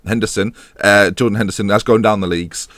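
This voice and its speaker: A man's voice: lowish voice, steady tone, fast, fairly bright tone, dry recording. A man giving casual, sarcastic let's-play commentary, slipping into mock match-commentator patter. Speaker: gaming YouTuber.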